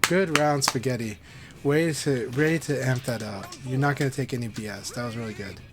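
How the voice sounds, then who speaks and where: A man's voice: mid-range voice, moderate pace, noisy background. A man live-streaming a fighting game, chatting casually and encouragingly with viewers.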